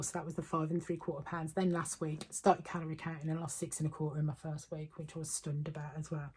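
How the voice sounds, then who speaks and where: A woman's voice: sits low, a little mellow, husky. A woman talking casually to camera as a weight-loss vlogger, chatty and upbeat, with frequent ums. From United Kingdom.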